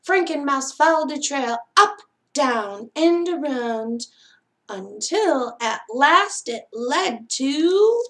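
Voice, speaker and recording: Woman, high voice, unhurried, gentle bedtime storybook reading, expressive. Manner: gentle, expressive read-aloud with sound effects. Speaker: children's librarian reading aloud.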